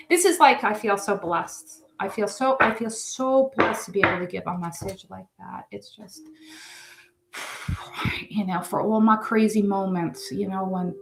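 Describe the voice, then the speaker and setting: Woman, tarot reader, rambling, effusive, mid pitch, echoey room. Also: gravelly, fairly bright tone, a little hiss or hum. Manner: chatty, rambling, emotional and effusive. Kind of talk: live tarot reading chat.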